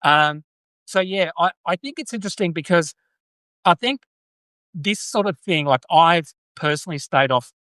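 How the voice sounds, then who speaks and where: A man's voice: fairly high pitch, moderate pace, pushed and bright, no echo. An Australian man hosting a live stream, chatting loosely and answering viewer comments with rambling, self-correcting talk. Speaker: podcast host.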